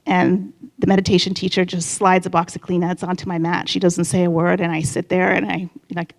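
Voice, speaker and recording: A woman's voice: lowish voice, level tone, fairly quick, vocal fry, hardly any pauses. A woman in her fifties telling a candid personal story on stage at a live event, chatty and acting out her own inner voice. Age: 50s.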